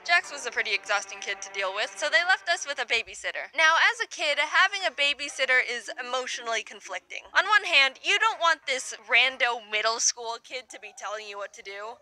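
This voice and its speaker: Bright, wry young woman storyteller. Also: sits high. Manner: animated, wry, puts on quick character voices. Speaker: animated storyteller. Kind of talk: comedic storytelling narration.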